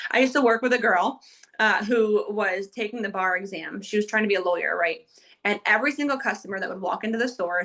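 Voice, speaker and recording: A woman runs an upbeat live training session for her sales team. Her voice sits a little high and rings bright and sharp. She talks quickly and chattily, with plenty of fillers. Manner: energetic, fast, chatty, with many fillers. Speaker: network marketing team trainer. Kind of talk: live motivational training talk.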